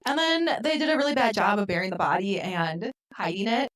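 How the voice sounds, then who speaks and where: A woman co-hosting a podcast, retelling a film in casual chat and acting out the characters' lines with lively swings. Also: medium pitch, fairly quick. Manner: animated retelling, acts out quotes. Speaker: podcast co-host. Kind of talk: casual movie recap chat.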